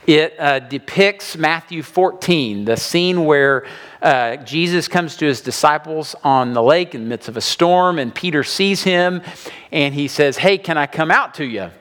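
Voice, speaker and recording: A man preaching a sermon to his congregation, animated and acting out the voices of people he quotes. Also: on the high side, measured pace. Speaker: pastor.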